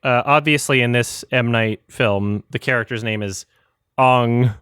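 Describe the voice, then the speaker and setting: A man co-hosting a film podcast, talking loosely and laughing between thoughts. His voice sits at an ordinary middle pitch, recorded close and dry with no room sound. He circles back and restarts his sentences as he goes. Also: unhurried, fairly bright tone, clear, resonant tone, dry recording. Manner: rambling storytelling with frequent laughter and restarts. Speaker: podcast co-host. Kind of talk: casual chat.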